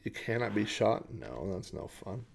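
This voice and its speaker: A man's voice: fairly low pitch, sing-song, measured pace, vocal fry, slight background noise. A man from Oklahoma hosting a podcast, giving rambling, hesitant gameplay commentary with frequent chuckles. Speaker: podcast host.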